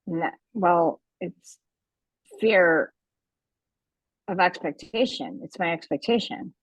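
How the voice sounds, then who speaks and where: A woman teacher speaks on a group call in a lower voice. She talks haltingly, starting over and repeating words as she searches for them. The sound is dry, with no room around it. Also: no echo, highs cut off. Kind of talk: personal sharing in a group call.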